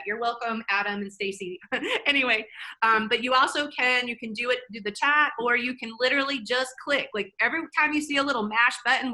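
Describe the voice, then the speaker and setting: Bright, chatty woman presenter. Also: on the high side, poor audio. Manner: energetic, chatty, self-interrupting. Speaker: workshop presenter. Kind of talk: live webinar presentation.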